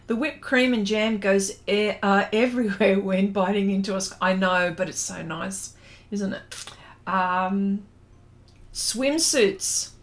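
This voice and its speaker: An Australian woman hosting a drawing livestream, chatting casually, reading viewer comments aloud and laughing often. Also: medium pitch. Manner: slow, unhurried and thinking aloud while drawing.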